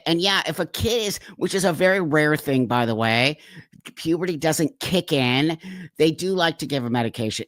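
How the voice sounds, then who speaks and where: A man's voice: medium pitch, fairly bright tone, no echo. A man hosting a reaction commentary, emphatic and heated, repeating his points. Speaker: host reacting to a clip.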